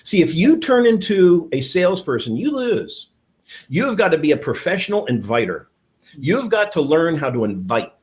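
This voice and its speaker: A man giving an energetic training talk on network marketing, enthusiastic and repeating his key points. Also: on the high side, moderate pace.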